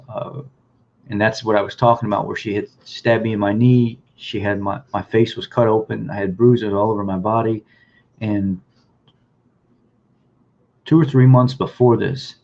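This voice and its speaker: Man with a lowish voice, halting personal storytelling, slightly dull lo-fi recording. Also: vocal fry, a little mellow. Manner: halting, repeats words, plain spoken. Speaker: vlogger telling his life story. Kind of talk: personal storytelling, reading news clippings aloud. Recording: dull, lo-fi sound.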